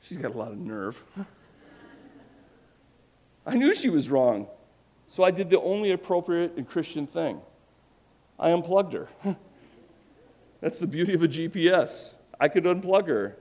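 A man delivers a sermon in a fairly high voice. He is earnest and emphatic, and he mixes in self-deprecating humor. He presses his points home with conviction. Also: very animated, measured pace, pauses often, darkish tone. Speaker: pastor.

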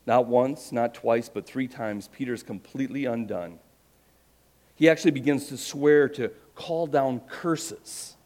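Middle-aged male pastor, animated storytelling sermon, expressive delivery. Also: medium pitch, measured pace. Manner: animated storytelling, voices quotes with rising emphasis.

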